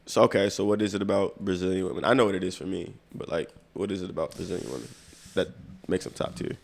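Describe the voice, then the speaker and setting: A man co-hosting a podcast in loose, relaxed casual chat, often repeating words as he starts a thought. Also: low-pitched, fast talker, creaky. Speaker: podcast co-host.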